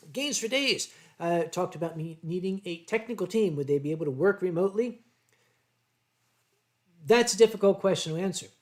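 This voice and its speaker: An older American man hosting a livestream, answering viewer chat in a rambling way with deadpan humor. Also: high-pitched, normal speed, pauses often. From United States. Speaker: livestream host.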